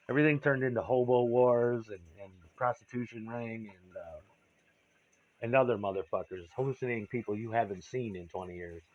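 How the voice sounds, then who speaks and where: A man's voice: fairly low pitch, highs cut off. A man telling a candid, rambling personal story, profane and confessional.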